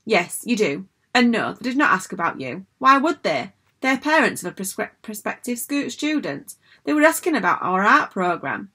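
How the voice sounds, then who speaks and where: A woman's voice: medium pitch, very animated, normal speed, few pauses, bright, forceful tone, husky, full character voice. A woman voicing a strict, prim female school principal in a storybook reading, scolding in a proper tone.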